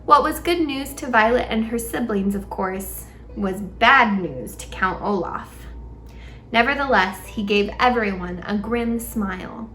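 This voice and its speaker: A woman reading a children's novel aloud with measured, wry storytelling. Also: fairly high pitch, a bit bright, slight background noise. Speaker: storybook reader.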